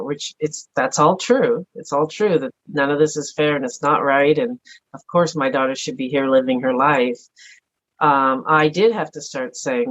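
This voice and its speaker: A middle-aged woman speaking earnestly and softly as a podcast guest, thinking aloud in a reflective personal conversation. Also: extremely low pitch, normal speed. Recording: dull lo-fi audio.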